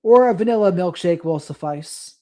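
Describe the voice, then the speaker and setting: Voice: medium pitch, lively intonation, moderate pace, mellow. Rambling late-night livestream host. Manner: rambling, reads out viewer comments and drifts into asides. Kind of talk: casual late-night live stream chat.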